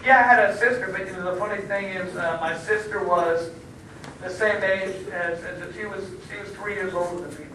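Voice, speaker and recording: Guest speaker, male, earnest and rambling, fairly high voice, recorded from far off in a noisy, echoing school hall. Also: fairly even intonation, normal speed, bright, forceful tone. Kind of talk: answering students' questions. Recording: echoey room from far off, noisy.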